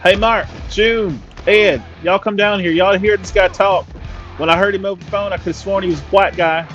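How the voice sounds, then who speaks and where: A man's voice: high-pitched, fairly even intonation, normal speed, fairly bright tone, muffled recording, faint music behind, pitched above the performer's own voice. Man doing a pushy mechanic. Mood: boisterous. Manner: folksy, drawling, overfamiliar. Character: good-ol'-boy male Southern mechanic, pushy.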